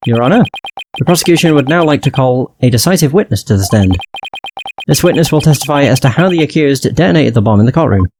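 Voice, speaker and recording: A man's voice: medium pitch, animated, fast, a little mellow, slight background noise, lightly acted. A man voicing a smug, pompous male prosecutor in a courtroom game.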